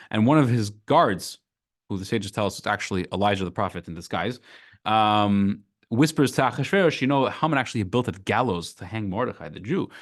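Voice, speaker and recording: A rabbi teaching a Torah class, telling a story with acted voices in a casual manner. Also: male voice, on the low side. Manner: casual, with fillers.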